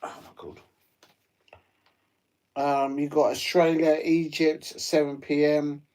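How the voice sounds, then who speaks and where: A man's voice: a little high, little pitch movement, takes it slowly, a little mellow. Chatty man hosting a watch-along. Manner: chatty, rambling, many ums and uhs. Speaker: live stream host. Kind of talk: casual live football watch-along commentary.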